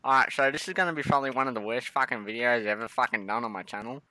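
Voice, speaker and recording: A man's voice: medium pitch, racing, sharp tone, dry recording. A young Australian man hosting a joking mock interview over game voice chat, swearing constantly and rambling between questions. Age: young adult. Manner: crude, swearing, rambling and teasing. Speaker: gaming video host.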